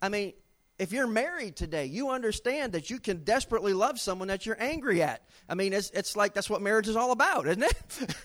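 A middle-aged pastor preaches with real drive. His voice sits a little high for a man and climbs and drops sharply as he acts out stories and scripture, swinging from loud bursts to hushed, slow lines. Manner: animated storytelling with dramatic swings in pitch and loudness. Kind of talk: sermon.

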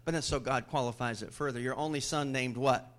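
Talking a little fast, a male pastor preaches, quizzing the congregation aloud and adding jokey asides. Voicing scripture characters sends his pitch and volume soaring.

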